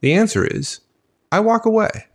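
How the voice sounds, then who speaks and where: Brief: male co-host, higher lively voice, summarizes points plainly. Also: moderate pace, gravelly, slightly rough. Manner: checks points and sums up plainly. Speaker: podcast co-host. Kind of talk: conversational management advice.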